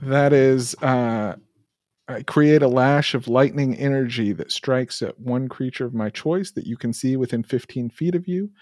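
A man's voice: medium pitch, unhurried, darkish tone, no room sound, clean studio sound. A man playing in a tabletop game, eager and playful, reading rules aloud. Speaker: player.

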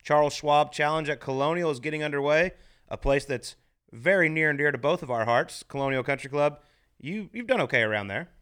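A man's voice: fairly high pitch, animated, fairly quick, a bit bright, clear, resonant tone. A man co-hosting a casual sports podcast in a studio, opening with upbeat, teasing banter. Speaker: podcast co-host.

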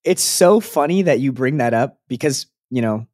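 Brief: young male co-host, mid-pitched, loose rambling delivery, dry close mic. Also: expressive, moderate pace, a little mellow, no room sound. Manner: rambling, restarts often, playful. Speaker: podcast co-host. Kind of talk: casual chat.

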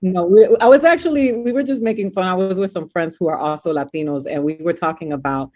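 A woman raised speaking Spanish at home, with an East Coast American accent, telling stories as a guest in an animated, rambling way with lots of restarts. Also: fairly low pitch, quick pace. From United States. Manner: animated storyteller, many restarts and fillers. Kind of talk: casual interview chat.

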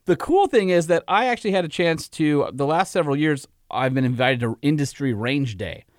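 A man with a clear, resonant, somewhat high voice chats casually on a podcast. He is enthusiastic and rambles, with plenty of fillers. The sound is dry and close to the mic. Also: animated, brisk, no room sound. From California. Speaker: podcast co-host. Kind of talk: casual chat.

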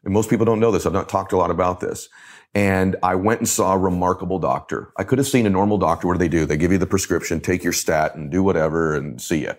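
A man's voice: low-pitched, fast talker. A man in his forties, a guest on a podcast interview, telling a personal story with emphatic repetition and vivid storytelling. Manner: emphatic, repeats phrases for effect. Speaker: guest, motivational speaker.

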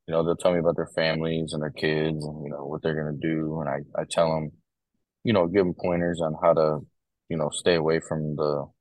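A young podcast guest who works as a corrections officer in Ohio relates stories in relaxed, filler-laden conversation. His voice is very deep and a little fast. The recording is dry with poor audio.

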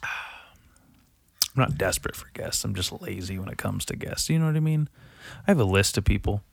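A man with a lowish voice, lively intonation, and vocal fry hosts a solo podcast at a moderate pace, with no room sound. His casual monologue is rambling and full of swearing and self-deprecation, and he sighs a lot, mutters, trails off, and restarts.

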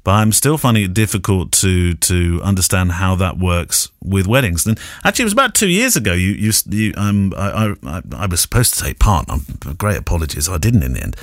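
Deep-voiced lively male podcast host. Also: a little fast, few pauses, no room sound, studio quality. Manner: chatty, jokey, stammering restarts. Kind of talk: casual podcast chat.

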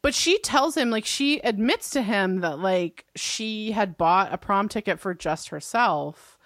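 A woman co-hosting a podcast in casual recap chat, enthusiastic, playful and quick to agree. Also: medium pitch, expressive, fairly bright tone, no room sound, clean studio sound. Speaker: podcast co-host.

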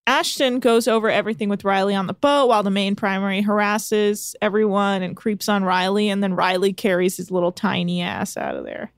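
A woman's voice: medium pitch, fairly even intonation, fairly quick, hardly any pauses, smooth, no room sound. Young woman podcast co-host, sarcastic and chatty, recorded dry and close. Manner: chatty, sarcastic, laughs often. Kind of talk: casual chat recapping a reality show.

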